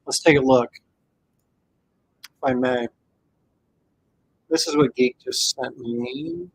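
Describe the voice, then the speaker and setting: A middle-aged man hosts a laid-back livestream, chuckling and rambling as he reacts to clips and reads out viewer comments. His voice has a gravelly, fry-laden edge at an ordinary pitch. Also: steady tone, slow pace. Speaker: livestream host. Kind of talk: casual livestream chat.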